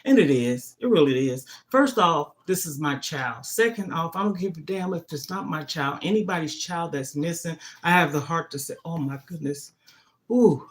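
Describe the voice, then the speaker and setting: A middle-aged woman hosting a casual livestream, talking emphatically and often checking in with "okay?". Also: low-pitched. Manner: emphatic, keeps asking "okay?". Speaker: livestream host.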